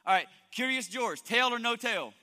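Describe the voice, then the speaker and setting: A male pastor preaching a lively sermon, joking and quizzing his congregation in a church hall. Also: extremely high pitch, normal speed. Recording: long hall reverb.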